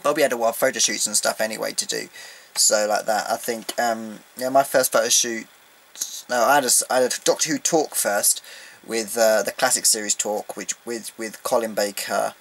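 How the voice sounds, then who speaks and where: A man in a casual home vlog, recapping a fan event in an excitable, rambling way with lots of ums. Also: on the low side, normal speed, vocal fry, poor audio. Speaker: vlogger. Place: indoors at home, beside his collection.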